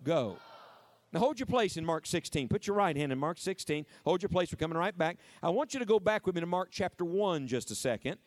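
A middle-aged man preaches with a high, ringing voice, drawing the crowd into call-and-response. He stretches key words out slowly for emphasis. The sound is dry and close, with little room echo. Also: animated. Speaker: preacher at a camp meeting. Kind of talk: lively interactive sermon.

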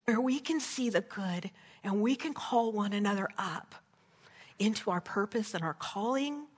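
A woman's voice: medium pitch, expressive, unhurried, slightly rough. A woman preacher giving an earnest sermon that tells a story and moves into prayer, often checking in with "right?". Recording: long hall reverb.

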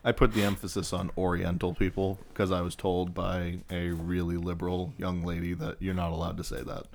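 Man, very low voice, podcast co-host, casual storytelling, laughs at own jokes. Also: level tone, brisk, creaky, slight background noise. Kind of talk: casual chat.

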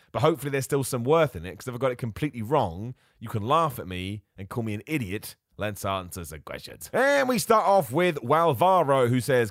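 An excitable man talks through his picks on a solo podcast, mocking himself as he jumps from one idea to the next. His pitch is middling but swings up and down a lot. The sound is close and dry, with no room echo. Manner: excitable, self-mocking, jumps between ideas. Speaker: podcast host.

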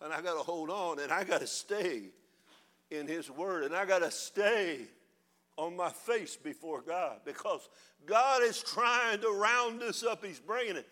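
An older man preaching a fiery sermon, building to shouted passages. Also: sits high, a little slow. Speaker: pastor.

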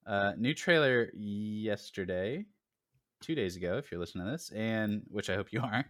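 A man hosting a casual gaming podcast, relaxed and joking, with lots of fillers. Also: fairly low pitch, moderate pace, no room sound, studio quality. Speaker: podcast host.

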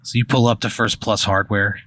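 A comedy podcast host spins a rambling hypothetical addressed to "you," stuffed with "like" and swearing. His fairly low voice is brisk, flat in delivery, and a little bright, on a dry recording.

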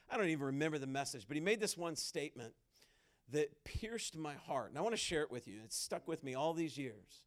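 A man speaking at a conference in a conversational, animated sermon style, acting out quoted dialogue as he tells a story. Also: on the high side. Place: conference hall stage.

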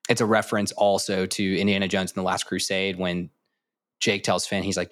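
A man's voice: deep voice, little pitch movement, moderate pace, a bit bright, no echo. A man co-hosting a podcast in casual chat, rambling through a list of trivia with many fillers. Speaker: podcast co-host.

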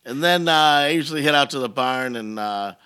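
A man's voice: medium pitch, fairly quick, clear, resonant tone. A middle-aged man in casual chat, ranting and telling stories, with plenty of swearing. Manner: profane, animated ranting storytelling.

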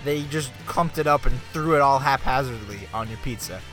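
A man's voice: medium pitch, normal speed, fairly bright tone, faint music behind. A man co-hosting a casual podcast chat, arguing playfully, swearing freely and filling his talk with "like". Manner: blunt, swears, argues playfully. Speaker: podcast co-host.

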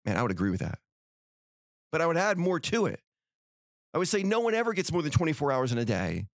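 A man's voice: a little high, wildly swooping pitch, fast talker, no echo, clean studio sound. A middle-aged man hosting a podcast, giving an earnest, folksy motivational talk full of rhetorical questions. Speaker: podcast host.

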